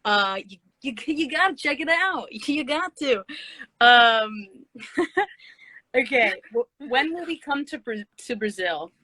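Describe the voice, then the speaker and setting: A woman's voice: high voice, lively intonation, takes it slowly, bright, forceful tone, no room sound, low-quality recording. A woman hosting a casual livestream chat on her phone, giggly and a little scattered as she reads out fan questions. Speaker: livestream host. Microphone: phone video stream.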